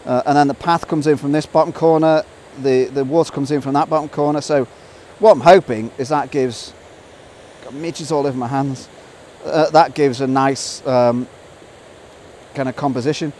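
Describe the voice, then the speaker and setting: A middle-aged man, a nature photographer, narrating an outdoor vlog by a waterfall in a valley, excitable and bursting into wows as he explains his photo compositions. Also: mid-range voice, normal speed, a little hiss or hum.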